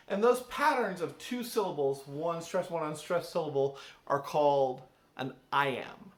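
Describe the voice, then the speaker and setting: A man's voice: fairly high pitch, a little slow. A male English teacher reading a poem aloud and explaining it to his class in a conversational way, often checking in with "right?". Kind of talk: recorded class lesson on a poem. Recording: roomy echo.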